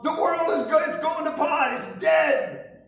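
A man doing a frantic, panicked man who wails that the world is ending, his voice shrill and climbing high. The sound rings around a very echoey hall, and he is heard from some distance off the microphone. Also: unhurried. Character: panicked news-watching man, frantic and doom-struck.

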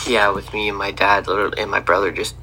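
A young man co-hosting a podcast from his home kitchen, keeping his voice quiet and casual. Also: fairly low pitch, fast talker, a little hiss or hum. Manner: talking quietly, casual and relaxed. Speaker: podcast co-host.

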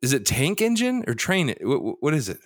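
Brief: cocky male podcast co-host, swears freely, ribs his partner, animated swings in pitch, dry sound. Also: a little fast, dry recording. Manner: loose, profane, teasing, jumps between topics. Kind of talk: casual sports betting chat.

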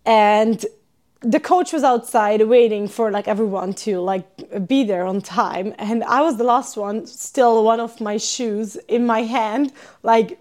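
A young woman from Hungary, a podcast guest telling stories in casual chat, animated and full of fillers. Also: on the high side. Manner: animated storyteller, many fillers and laughs.

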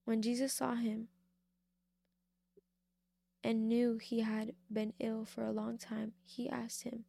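A young woman with a gravelly, mellow voice reads a Bible passage and talks through it in a devotional style. She speaks slowly and keeps her pitch fairly flat, leaning on repetition for emphasis and staying informal. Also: no room sound, clean studio sound. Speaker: faith speaker. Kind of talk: Bible reading and devotional talk.

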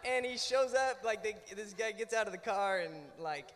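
A man on a discussion panel, telling a personal story in a casual, animated way with lots of fillers and restarts. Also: high voice, moderate pace, long reverb tail, slight background noise. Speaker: panel guest.

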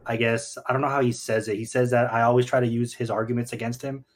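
A man's voice: mid-range voice, level tone, fast. A young man hosting a casual podcast, laughing easily and swearing often, who mentions that he stutters. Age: young adult. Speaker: podcast host.

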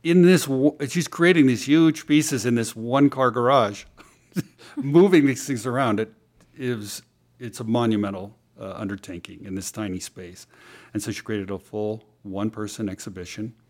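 A man's voice: medium pitch, normal speed, darkish tone. A man, a guest on an interview show, telling a story in casual chat with many fillers and restarts.

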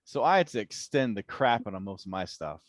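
A young man chatting as a guest, relaxed and self-deprecating. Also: on the low side, fairly quick, no room sound, studio quality. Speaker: guest cosplayer. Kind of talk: casual chat.

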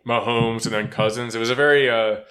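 A man's voice: mid-range voice, a little fast. A man co-hosting a casual sports podcast, telling stories with lots of laughter and swearing. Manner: laughing, swearing, animated storytelling. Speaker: podcast co-host.

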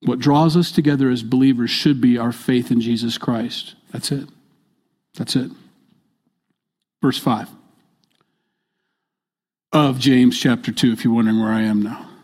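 A man's voice: medium pitch, steady tone, a little slow, long pauses, a little mellow. A man preaching a midweek sermon as pastor, reading scripture aloud and breaking in with joking asides.

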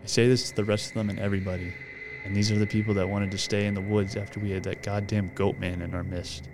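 A man's voice: fairly low pitch, flat delivery, fast, over music. A man hosting a podcast, reading a horror story aloud in a casual way and swearing freely as he goes. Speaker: podcast host.

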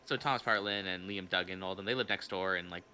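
A man's voice: deep voice, fast talker, sharp tone, slight background noise. A young man hosting a casual podcast, telling a rambling, profane story with restarts. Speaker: podcast host.

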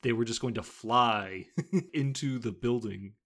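A man with a gravelly, creaky edge to his mid-pitched voice, chatting through a film's plot on a podcast. He recaps scenes at length, then pushes back hard when challenged. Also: measured pace, fairly bright tone. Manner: retells the plot, then argues with rising emphasis. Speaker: podcast co-host. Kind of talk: casual movie-review chat.

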